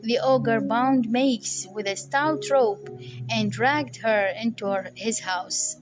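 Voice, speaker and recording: A woman reads a children's storybook aloud, taking her time with each phrase. Her voice is high and gentle in pace. Soft music plays behind her. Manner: slow, deliberate. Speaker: narrator.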